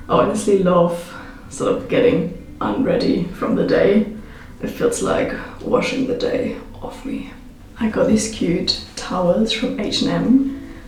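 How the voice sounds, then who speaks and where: A woman's voice: on the low side, a little slow, a little mellow, soft background music. A young woman with a German accent, chatting casually in a home vlog and filling her talk with "like" and "um". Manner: chatty, with many fillers like "like" and "um". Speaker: vlogger. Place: home in London.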